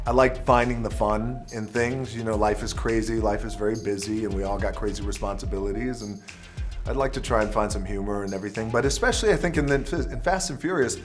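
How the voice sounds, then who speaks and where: Playful, animated man in his forties. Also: on the low side. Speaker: guest actor. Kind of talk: casual interview chat.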